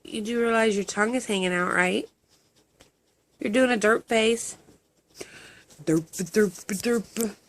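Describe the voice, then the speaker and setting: A woman's voice: a little high, normal speed, pauses often, a bit bright. A woman at home talking baby talk to her cats in a casual, cooing way. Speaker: vlogger, pet owner.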